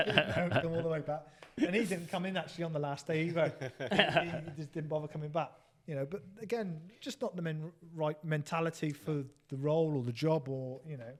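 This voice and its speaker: A man's voice: fairly high pitch, steady tone, fairly quick, few pauses. A man with an English accent telling rambling, laughing anecdotes in casual chat, swearing freely. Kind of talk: casual storytelling banter.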